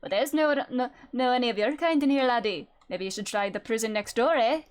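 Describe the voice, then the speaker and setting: A woman voicing a gruff, burly Scottish prison governor who blusters and threatens in a thick put-on brogue. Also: very high voice, wildly swooping pitch, extremely slow, pitched above the performer's own voice, exaggerated voice. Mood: dismissive. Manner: blustering, hostile, rolling brogue.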